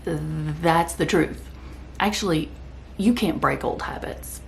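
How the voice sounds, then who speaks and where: A woman's voice: sits low, unhurried, vocal fry, slight background noise. A woman vlogger talking casually to the camera in a chatty, rambling way, sometimes speaking with her mouth full. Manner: chatty, rambling, talks while eating.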